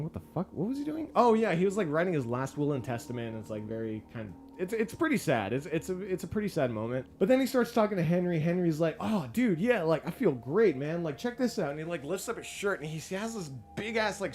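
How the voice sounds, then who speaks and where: A man giving a casual, profane movie review, excitable and full of fillers. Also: fairly high pitch. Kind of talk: casual spoken film review.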